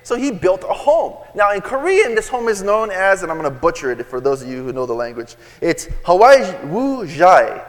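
A man preaching to a congregation in a big hall whose long echo trails after each phrase. His voice sits a little high for a man, and he tells stories, jumping into quoted lines with sudden loud bursts. His delivery stays conversational and lively. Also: brisk, hardly any pauses. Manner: storytelling, acts out quotes with sudden shouts. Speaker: pastor. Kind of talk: sermon.

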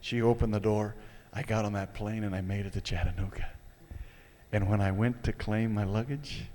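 A man telling a personal story to an audience, retelling it in an animated, dramatic way. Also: lowish voice, moderate pace. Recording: echoey hall.

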